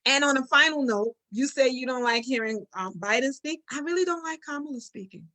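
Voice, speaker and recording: A woman's voice: high voice, brisk, pushed and bright. A woman with a Brooklyn accent, chatting casually as a podcast co-host in a blunt, teasing, slangy way. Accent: Brooklyn, New York. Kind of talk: casual chat.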